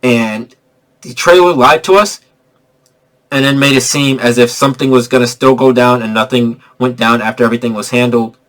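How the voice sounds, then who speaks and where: A young man giving an excitable, slangy spoiler review of a movie, repeating himself for emphasis. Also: mid-range voice, moderate pace.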